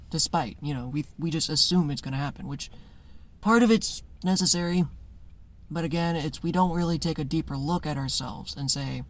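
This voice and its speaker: A man with a fairly high voice talks loosely to camera from his notes. He rambles in a conversational way. He acts out short voices inside his stories and laughs often. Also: normal speed. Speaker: spiritual content creator. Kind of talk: casual monologue.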